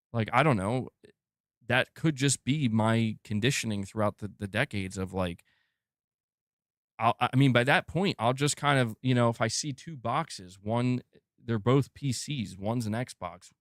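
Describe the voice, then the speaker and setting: Rambling, animated male game streamer. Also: mid-range voice, dry recording, clean studio sound. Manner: rambling, animated, peppered with "like" and casual swearing. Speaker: gaming news streamer. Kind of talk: casual opinion rant on a live stream.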